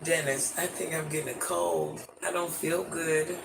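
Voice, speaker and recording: A woman with a naturally deep voice, hoarse and losing it, chatting casually with viewers on a live stream and greeting them by name. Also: steady tone, a little slow. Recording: noisy background hiss.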